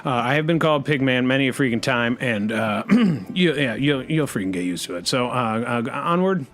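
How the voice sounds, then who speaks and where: A man hosting a comedy podcast, rambling deadpan and packing every sentence with the same filler word. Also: medium pitch, moderate pace. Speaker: podcast host.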